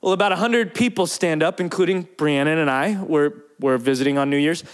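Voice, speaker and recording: A man preaching, telling a personal story in a lively, animated way and acting out the quotes. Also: a little high, brisk. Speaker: pastor. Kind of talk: storytelling sermon.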